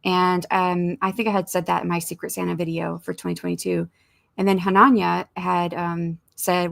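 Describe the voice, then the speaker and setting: A woman's voice: fairly low pitch, level tone, normal speed, creaky. A woman hosting a writing sprint livestream, chatting casually and rambling as she reads viewer comments aloud.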